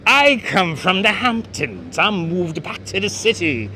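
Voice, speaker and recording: A man putting on a snooty, whiny voice of a wealthy older resident complaining, slow and drawn out, outdoors with faint street noise. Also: high voice, sing-song, voice pushed up, exaggerated voice. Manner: posh put-on accent, drawn-out whining.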